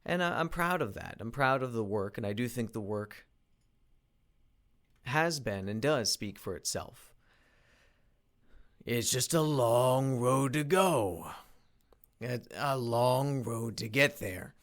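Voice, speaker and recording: A man talking through a reflective solo monologue, halting with frequent restarts and repeated words, earnest in tone. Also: medium pitch, a bit bright. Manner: earnest, self-motivating. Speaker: independent voice actor and producer.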